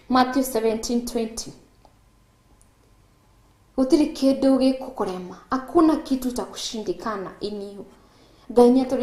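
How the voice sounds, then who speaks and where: A Kenyan woman leads a devotional teaching on a Christian TV program, her voice sitting somewhat high. She talks emphatically and switches languages mid-thought. The sound carries a noticeable room echo. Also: a little mellow. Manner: code-switching, emphatic, laughs between points. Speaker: host of a Christian TV show. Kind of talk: devotional teaching on a call-in TV show.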